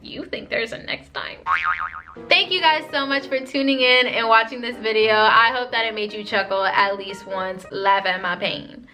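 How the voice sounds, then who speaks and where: A young woman vlogger telling a dating story in lively, slangy storytime style. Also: fairly high pitch, moderate pace, few pauses, over music. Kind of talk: storytime vlog.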